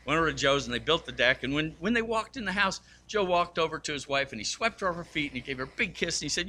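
A man's voice: on the high side, fast talker, bright, forceful tone. A man preaching a sermon, telling stories and acting out the voices of the people in them. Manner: storytelling, acts out quoted voices. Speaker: pastor.

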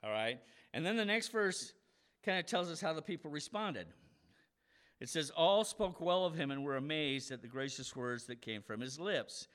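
A man's voice: fairly high pitch, lively intonation, normal speed, fairly bright tone. A man preaching a conversational Bible lesson, explaining scripture in a casual, explanatory way and acting out the voices of people in the story.

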